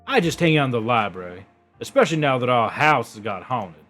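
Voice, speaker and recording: A spoiled male house cat, voiced by a man from a video game drawls in loose slang about snacks and scritches. The voice is husky and slightly raised, with a lively, bouncing line. Faint music hums underneath. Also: medium pitch, fairly quick. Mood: offhand. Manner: slangy, laid-back cat talk. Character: smug pampered male house cat, attention-hungry. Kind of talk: reading a visual novel aloud.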